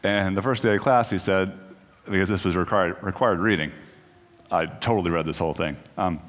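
In a church sanctuary with long reverb, a preacher with a deep, fairly bright voice talks at a moderate pace. His sermon is casual and chatty, full of jokes about himself and many restarted sentences.

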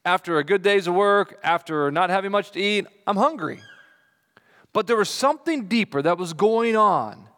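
Guy pastor giving a sermon, lively, voices the people he quotes, big church echo. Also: moderate pace. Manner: animated, acts out quoted voices with big pitch jumps. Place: church sanctuary.

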